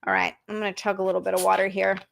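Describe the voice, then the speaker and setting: A woman hosting a casual live stream, reading out chat and gushing with excited thanks. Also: mid-range voice, very fast, vocal fry. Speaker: streamer host.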